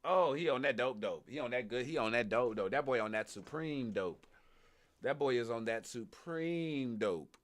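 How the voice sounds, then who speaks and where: A man's voice: mid-range voice, animated, normal speed. A man streaming live reactions to videos, talking loosely and profanely, often repeating himself. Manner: loud, profane, repeats himself, laughing asides. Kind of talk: casual live reaction commentary.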